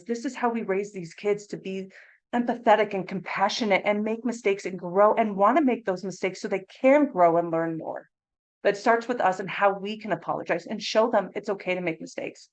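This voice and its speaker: A woman in her thirties, an early childhood mental health consultant, giving an animated, conversational training talk to educators. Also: medium pitch, poor audio. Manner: animated, conversational, acts out classroom phrasings in a bright teacher voice.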